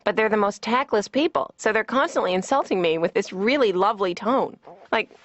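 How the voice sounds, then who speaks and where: A woman voicing a wry patient in a cartoon, doing deadpan, self-mocking stand-up bits. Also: medium pitch, brisk, natural voice. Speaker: patient, comedian. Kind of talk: stand-up comedy monologue. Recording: dull dry lo-fi soundtrack.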